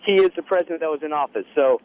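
A young male caller, an Air Force veteran, talks on a slightly dull phone line. He is polite and deferential, and his voice sits fairly high. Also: very fast, a little hiss or hum. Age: young adult. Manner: polite, deferential, says sir. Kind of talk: phone-in talk.

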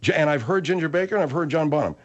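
A man's voice: fairly high pitch, rapid-fire, lo-fi sound. A man hosting a comic radio talk show, sardonic and argumentative with his callers.

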